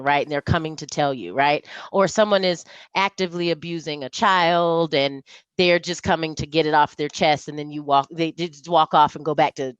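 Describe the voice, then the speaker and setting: Woman, podcast guest, casual chat, animated storyteller, dry close sound. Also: fairly low pitch, clear, resonant tone, no echo, low-quality recording. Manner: animated storytelling, mimics coworkers' voices. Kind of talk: casual conversational interview.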